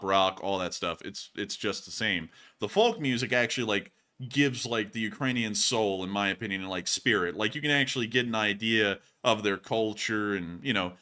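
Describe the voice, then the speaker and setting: A man's voice: on the low side, sharp tone. A man hosting a live stream in casual chat, thanking donors and explaining things at length. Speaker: host.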